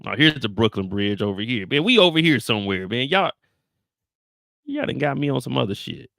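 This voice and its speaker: Animated, exasperated man streaming to chat. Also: medium pitch, a little fast, vocal fry, no room sound, clean studio sound. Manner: animated, exasperated, swears freely, talks to chat. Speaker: show reaction streamer. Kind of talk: casual livestream chat with viewers.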